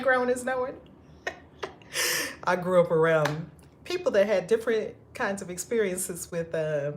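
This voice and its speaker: A woman hosts a live stream, chatting casually and effusively with viewers, greeting them by name and laughing often. Her voice is medium-pitched, with slight background noise.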